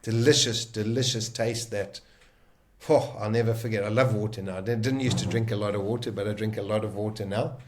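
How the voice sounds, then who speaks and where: A man telling his own survival story in casual talk, vivid and emotional, often pausing and restarting. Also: on the low side, fairly even intonation, noisy background.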